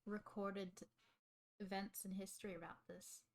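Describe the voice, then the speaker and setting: A woman's voice: mid-range voice, level tone, normal speed. A young woman, livestreaming casually while she studies, rambling to her chat and reading notes aloud into a desk microphone. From Australia.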